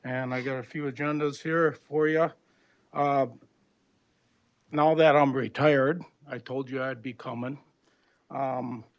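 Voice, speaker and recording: An older man from Minnesota giving an aggrieved, blunt public comment at a county board meeting, plain-spoken with rough grammar. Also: fairly high pitch. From Minnesota, USA.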